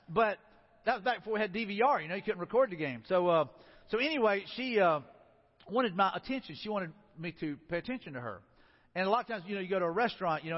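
A middle-aged man, preaching a folksy sermon full of acted-out stories. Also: high voice. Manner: folksy, storytelling with acted-out quotes. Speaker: pastor. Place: church sanctuary. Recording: dull, lo-fi sound in a reverberant hall.

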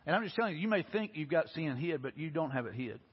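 A man preaching a sermon, telling stories in a folksy, animated way. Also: on the high side, fast talker, husky. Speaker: pastor. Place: church sanctuary. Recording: lo-fi recording with long hall reverb.

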